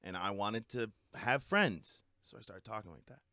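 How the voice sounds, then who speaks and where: A man co-hosting a casual podcast chat, animated and swearing, shifting his way of speaking when he gets worked up. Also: lowish voice, moderate pace, dry recording, studio quality. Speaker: podcast co-host.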